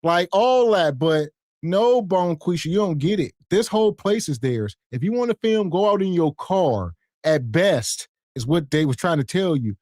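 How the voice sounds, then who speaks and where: Sarcastic, high-voiced male podcast host. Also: expressive, normal speed, hardly any pauses, darkish tone, dry recording, studio quality. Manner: scolding, sarcastic. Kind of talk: casual commentary.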